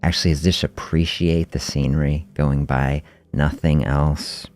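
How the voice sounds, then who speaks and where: A middle-aged man hosting a fasting health podcast, telling a story in a relaxed, reflective way and chuckling often during a casual livestream. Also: very deep voice, faint music behind.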